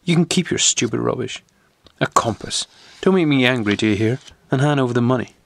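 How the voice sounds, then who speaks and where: A man's voice: mid-range voice, expressive, fairly quick, gravelly. A man voicing a scornful, threatening teenage bully who gives orders, in an audiobook reading. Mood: menacing. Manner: scornful, commanding, menacing.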